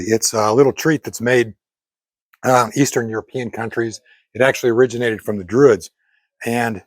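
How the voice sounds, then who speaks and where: A man's voice: medium pitch, dry recording. Older male vlogger, mid-range voice, rambling casual delivery, dry recording. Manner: chatty and meandering, with frequent pauses and self-corrections. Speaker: fitness vlogger cooking at a grill. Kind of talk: casual talk to camera. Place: outdoors at a backyard grill.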